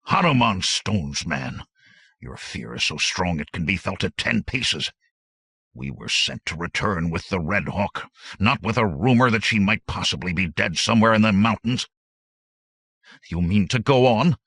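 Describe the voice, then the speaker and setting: A man voicing a hard, contemptuous army captain who speaks low and forcefully. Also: animated, a little slow, slightly rough, dry recording, studio quality, exaggerated voice. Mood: determined. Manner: growling, contemptuous. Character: hard veteran captain, middle-aged, stern and forceful.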